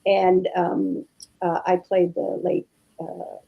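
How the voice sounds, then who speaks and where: Gravelly middle-aged woman, rambling chat. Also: on the low side, level tone, takes it slowly, highs cut off. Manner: rambling with many fillers. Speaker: actress guest. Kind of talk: casual podcast chat.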